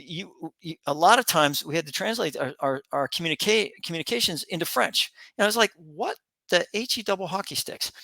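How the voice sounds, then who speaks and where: A man's voice: on the high side, bright, forceful tone, dry recording. A middle-aged man giving a casual opinion monologue as a commentary host, emphatic and repetitive with folksy asides.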